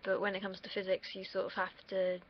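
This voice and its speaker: A woman's voice: medium pitch, completely flat delivery, brisk. A young woman from the United Kingdom, rambling candidly in a casual solo livestream and swearing freely. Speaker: streamer. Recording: dull lo-fi mic.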